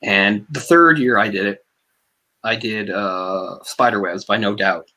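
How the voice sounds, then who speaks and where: A man co-hosting a casual movie discussion podcast, a singer with a tenor voice, talking in a rambling, animated way full of fillers. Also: on the low side, measured pace. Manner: rambling, animated, heavy use of "like"; tenor speaking voice from a trained singer. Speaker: podcast co-host. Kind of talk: casual film discussion chat.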